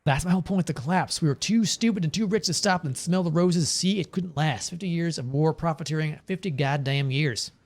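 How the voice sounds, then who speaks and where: A man's voice: a little high, fairly quick, hardly any pauses, close to an everyday voice. A man reading the lines of a bitter older former financier who rambles and swears about war and greed. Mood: bitter ranting. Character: bitter older man, former money-circles big shot, ranting.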